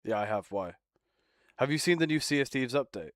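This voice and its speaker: A man's voice: medium pitch, animated, brisk, no room sound, clean studio sound. A young man bantering casually with friends as a streamer, teasing, swearing and laughing often.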